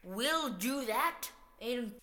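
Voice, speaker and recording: A woman's voice: fairly high pitch, lively intonation, drawn-out words. A woman hosting a casual video, chatty and upbeat as she ranks favorite games. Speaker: video host. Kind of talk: casual game-ranking vlog. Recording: echoey room with long reverb.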